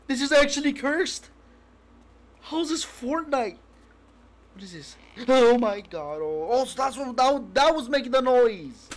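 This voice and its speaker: A young adult streamer playing a horror game, jumpy and swearing, shouting in fright. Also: high-pitched, expressive, moderate pace, a little hiss or hum. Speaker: gaming streamer. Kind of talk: horror gameplay commentary. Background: game music.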